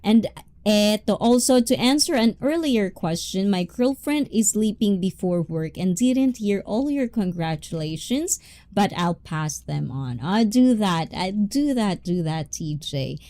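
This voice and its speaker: A woman's voice: mid-range voice, lively intonation, a little slow, mellow. A young woman hosting a casual livestream, chatting, laughing often and reading viewers' comments aloud. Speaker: livestream host reading chat.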